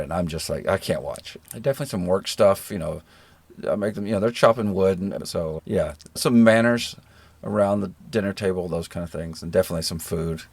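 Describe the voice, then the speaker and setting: Fields: Sex: man. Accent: generic American. Pitch: very low. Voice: husky. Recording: dry. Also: no room sound. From rural Georgia, American South. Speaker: guest. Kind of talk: relaxed conversational interview. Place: living in New Zealand.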